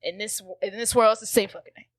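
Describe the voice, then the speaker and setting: A woman's voice: medium pitch, steady tone, fast, dry recording, clean studio sound. A woman co-hosting a podcast, recapping a movie in blunt, joking casual chat. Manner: blunt, joking, swears freely. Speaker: podcast co-host.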